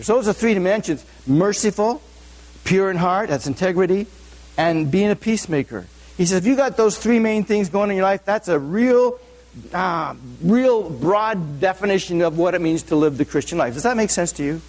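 Man preaching with a higher voice. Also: expressive, moderate pace, a little mellow. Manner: asks the audience frequent questions; informal, with many fillers and restarts. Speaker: pastor. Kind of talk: conversational sermon.

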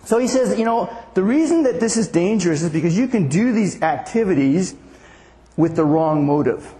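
A man's voice: high voice, expressive, moderate pace, warm tone. Older man preaching in an echoing hall. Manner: conversational, asks the congregation questions. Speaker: pastor. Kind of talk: sermon. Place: church.

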